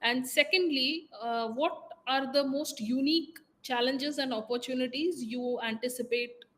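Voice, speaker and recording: A woman hosting an interview, asking questions in a polite, measured way. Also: sits high, fairly bright tone. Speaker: interview host.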